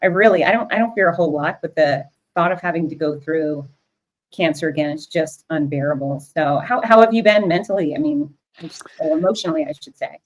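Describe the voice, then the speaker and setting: A woman's voice: deep voice, a little fast. A woman hosting an interview, speaking in a candid and emphatic way. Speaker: host.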